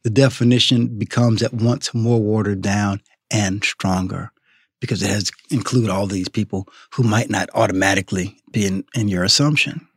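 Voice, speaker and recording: A man from the Southern United States, a writer and food critic, talking as a podcast guest in an animated, storytelling way. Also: lowish voice, moderate pace, husky, no room sound, studio quality. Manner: animated storyteller, acts out quotes. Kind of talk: interview conversation.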